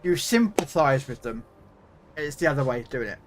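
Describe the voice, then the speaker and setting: A man's voice: mid-range voice, moderate pace. Rambling British man chatting on stream. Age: middle-aged. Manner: rambling, many fillers and restarts. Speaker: gaming streamer. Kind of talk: casual chat.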